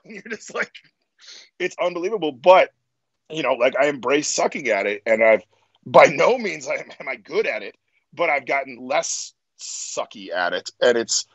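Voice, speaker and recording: Man, strongman podcast guest, casual chat, animated, profane, fairly high voice, dull lo-fi sound. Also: normal speed, slightly rough, dry recording.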